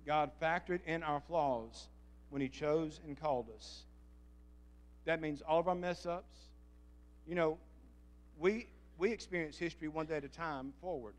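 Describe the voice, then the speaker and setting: A man's voice: fairly high pitch, moderate pace, pauses often. A man preaching a fervent sermon as pastor, calling out to the congregation for responses. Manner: fervent, calls for audience response.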